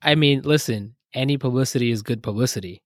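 A man trading jokes on a casual podcast, animated and playful, his voice sitting in a fairly ordinary middle register. The sound is dry and close, with no room around it. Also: medium pitch, fast talker, no echo. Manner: joking, animated. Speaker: podcast co-host. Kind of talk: casual chat.

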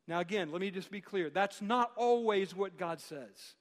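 Male pastor, high voice, emphatic sermon delivery in a reverberant church. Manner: emphatic, repeats phrases, slows for key lines. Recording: long hall reverb.

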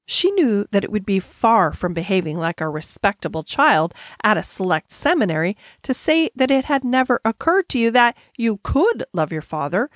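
Woman, audiobook narrator, measured, expressive, dry recording. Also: mid-range voice, no room sound. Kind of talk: reading a classic novel aloud.

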